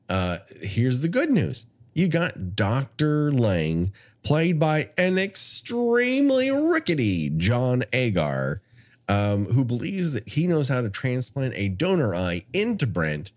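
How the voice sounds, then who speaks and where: A podcast co-host recaps a horror film in casual chat, his mid-range voice moving a little slowly. He's animated, laughs often, and spends much of the time summarizing the plot.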